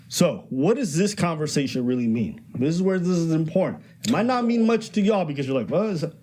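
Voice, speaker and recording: A man's voice: fairly high pitch, big pitch swings, brisk, few pauses, warm tone. A man giving blunt, profane commentary in a casual podcast chat.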